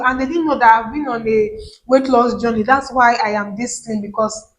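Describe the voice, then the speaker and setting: Chatty Nigerian woman, slightly high voice. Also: steady tone, normal speed, low-quality recording. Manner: chatty, repeats words for emphasis. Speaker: vlogger. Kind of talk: casual chat to camera.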